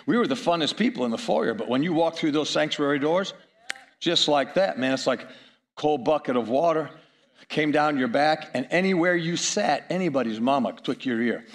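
Middle-aged man, preacher; story-driven sermon, chuckling asides, somewhat high-pitched. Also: lively intonation, brisk.

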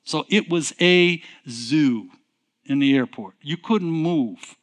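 Taking it slowly, a pastor with a voice on the high side shares a personal story in his sermon. He rambles conversationally, says things more than once, and keeps picking back up with "so anyways."

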